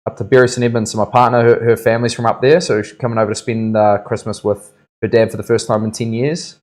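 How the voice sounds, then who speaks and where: Man, New Zealand accent, tattoo artist, casual studio chat, easygoing banter, middle-pitched voice. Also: level tone, fast talker, darkish tone. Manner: chatty, laughing banter.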